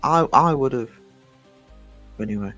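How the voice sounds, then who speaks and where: A middle-aged man with a soft Northumbrian accent, chatting casually with live viewers, greeting them by name and rambling with many fillers and restarts. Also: medium pitch, lively intonation, unhurried, lo-fi sound, faint music behind. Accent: Northumbrian English. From North East England. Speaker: livestream host.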